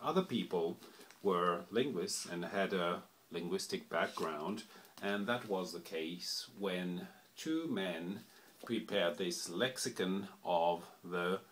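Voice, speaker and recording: Man, lowish voice, slow and deliberate, unscripted explainer who stops often to think, faint noise behind him. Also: a bit bright. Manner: unhurried, thinking aloud with many fillers. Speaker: language explainer.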